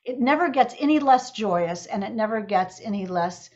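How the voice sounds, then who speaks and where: A woman's voice: mid-range voice, lively intonation, normal speed, a little mellow, muffled recording. A woman author chatting casually on a video call, bubbly and affectionate, laughing often. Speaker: author guest.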